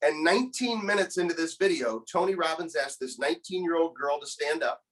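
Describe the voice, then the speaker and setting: A man's voice: a little high, fairly quick, fairly bright tone, rough recording. A man in his thirties, a motivational speaker, telling a personal story in an earnest, emotional way and often repeating words as he starts a thought. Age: 30s. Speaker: guest, motivational speaker and coach. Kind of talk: conversational storytelling.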